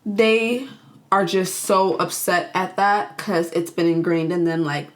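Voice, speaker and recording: Young woman going over a movie plot, super animated, throws in little voices for the characters. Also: lowish voice, a little slow. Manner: animated, acts out characters' lines in quoted voices. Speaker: movie reviewer. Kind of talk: casual movie recap.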